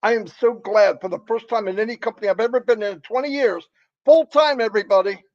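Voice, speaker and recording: A middle-aged man with a notably high voice for a man, speaking in an emphatic, excitable rush of motivation. He repeats phrases for effect. The recording sounds dull and lo-fi. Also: fast. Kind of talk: impassioned motivational talk.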